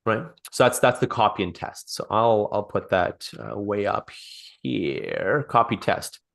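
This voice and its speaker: A man's voice: on the low side, sing-song, measured pace, gravelly, fairly bright tone. A man coaching a small group on sales over a call, talking off the cuff, repeating and restarting phrases and acting out sample dialogue. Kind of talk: live online coaching session.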